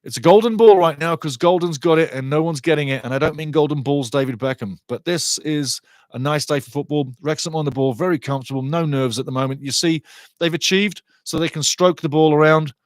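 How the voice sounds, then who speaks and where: A middle-aged man hosting a live match watchalong, commentating on play and chatting with viewers in a lively, excitable way. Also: brisk, no echo, studio quality. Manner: excitable, chatty, rises in pitch and volume on attacking play. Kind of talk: live fan commentary with chat reading.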